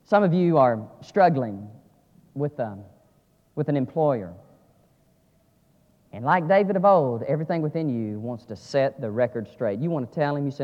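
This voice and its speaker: A man preaching a sermon, dropping to quiet asides and rising to loud, emphatic climaxes. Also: sing-song, moderate pace. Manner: swings from low asides to shouted climaxes. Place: church sanctuary. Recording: lo-fi audio with long church reverb.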